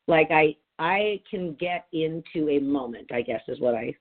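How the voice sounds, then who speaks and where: A woman's voice: low-pitched, a little fast. A middle-aged woman hosting a podcast, telling a story in a rambling, chatty way with lots of "like". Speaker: podcast host. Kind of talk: casual chat. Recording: tinny phone-like sound.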